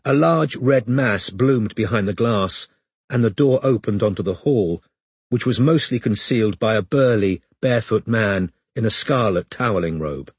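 A man narrating an audiobook in a measured storytelling manner, close to the mic. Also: fairly low pitch, expressive, breathy edge, dry recording.

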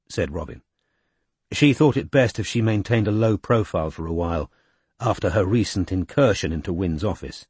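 A male audiobook narrator with a husky, slightly breathy voice and an animated, wide-ranging pitch. The sound is close and dry, and he reads the prose in an expressive, measured way. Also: dry recording. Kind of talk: scripted narration.

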